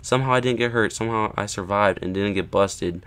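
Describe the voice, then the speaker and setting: Speaking briskly in a lowish, somewhat bright and clean voice, a vlogger recounts a story to camera in a casual way. He often asks "right?" or "okay?" and performs quoted lines with building emphasis.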